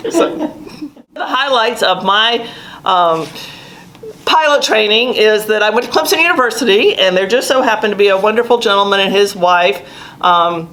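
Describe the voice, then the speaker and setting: A woman's voice: mid-range voice, expressive, normal speed, a bit bright, a little hiss or hum, rough recording. A woman from the American South with a Southern accent, an older Air Force veteran telling stories in an oral history interview with a laughing, storytelling manner. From South Carolina, US. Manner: storytelling, laughs while recalling.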